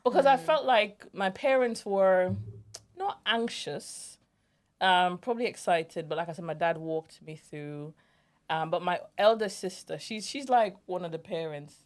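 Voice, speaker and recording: A woman, hosting a podcast and telling personal stories in an animated way, laughing often. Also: fairly low pitch, moderate pace. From Jamaica. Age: 40s. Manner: animated storyteller, laughs easily. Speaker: podcast host. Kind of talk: casual storytelling chat.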